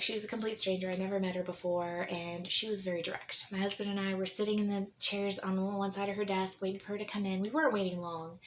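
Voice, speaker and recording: A young adult woman telling her own story in a candid, rambling way, often restarting her sentences and laughing softly. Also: mid-range voice, a little hiss or hum.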